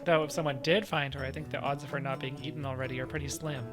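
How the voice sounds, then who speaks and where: A man's voice: on the high side, little pitch movement, close to an everyday voice. Man doing a chatty, careful sidekick, hedging, over game music. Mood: pondering. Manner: quick, wordy reasoning with hedging fillers. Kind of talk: reading game dialogue aloud. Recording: game music playing behind.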